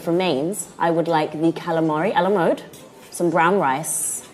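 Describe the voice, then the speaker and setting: A woman's voice: low voice, fairly even intonation, unhurried. An actress playing a refined woman from London who orders showily in French in a restaurant comedy sketch. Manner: refined, affected.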